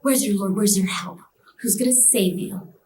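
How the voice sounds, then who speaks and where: A woman's voice: mid-range voice, normal speed, darkish tone, echoey room, far from the mic, slight background noise, natural voice. A woman putting on the voice of a taunting male devil, mocking and menacing, at times dropping into a whisper.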